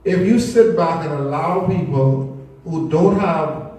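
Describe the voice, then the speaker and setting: A man makes his case to an audience in an earnest, persuasive way. His voice sits a little high and sounds mellow, but it is caught from far off in a very echoey hall. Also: slow pace. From Bahamas. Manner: earnest, persuasive, speaks of a spiritual perspective. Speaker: speaker at a public talk. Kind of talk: public talk with slides. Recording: echoey room recorded from afar.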